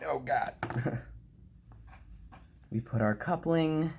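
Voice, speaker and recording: Unhurried and pausing often, a playful young man with a mid-range voice narrates his casual hobby video amid slight background noise. He talks to himself and his model while working, going quiet and whispery on the fiddly parts.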